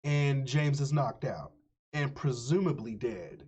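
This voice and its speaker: Animated slangy man recapping a movie. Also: medium pitch, slow pace. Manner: animated, slangy, profane storytelling. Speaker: streamer and movie reviewer. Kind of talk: casual movie recap on a live stream. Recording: slightly muffled lo-fi audio.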